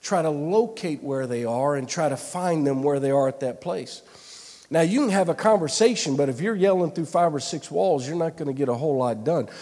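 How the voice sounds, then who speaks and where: A man's voice: on the high side, expressive, fairly quick, dark tone. A man preaching a sermon, telling a personal story earnestly, with frequent restarts and repeated phrases. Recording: long hall reverb.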